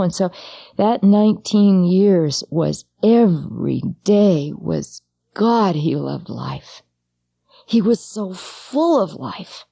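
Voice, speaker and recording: A middle-aged woman, a psychologist and mother, gives a personal talk on loss in a mellow, warm voice. She speaks straight to the listener, intimate and halting, often circling back over her words. The recording is dry and close. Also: lowish voice, creaky, no room sound.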